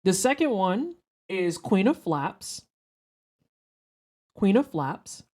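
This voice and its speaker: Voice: medium pitch, big pitch swings, slow, darkish tone. A streamer chatting casually with viewers during a gameplay session, swearing freely and joking around. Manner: profane, joking, talks to chat. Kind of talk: casual livestream chat while gaming.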